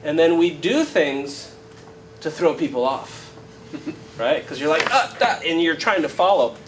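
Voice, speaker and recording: A man who plays flamenco guitar, teaching a workshop in a casual, animated way, telling stories and counting beats aloud to a live audience. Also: on the high side, a little slow, background noise. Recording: guitar playing clearly heard behind voice.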